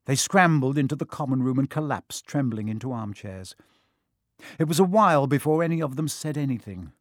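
A man's voice: mid-range voice, lively intonation, fairly quick, no echo, clean studio sound. A man narrating a children's fantasy audiobook with dramatic storytelling. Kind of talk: audiobook reading.

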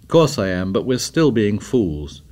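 A man's voice: on the low side, big pitch swings, a little slow, a little mellow. A man reading the lines of a tired, earnest boy leader in an audiobook, strained and insistent. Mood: tense.

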